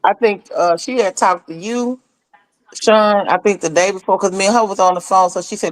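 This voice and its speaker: A woman sharing memories of a friend in a casual conversation, telling stories in an animated way and acting out what others said. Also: medium pitch, normal speed, poor audio. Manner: animated storyteller, acts out quoted voices.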